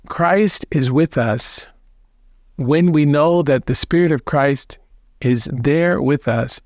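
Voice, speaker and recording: Gentle priest telling a gospel story. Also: male voice, a little high, dry recording, clean studio sound. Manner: gentle, unhurried storytelling with restarts. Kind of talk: gospel reflection.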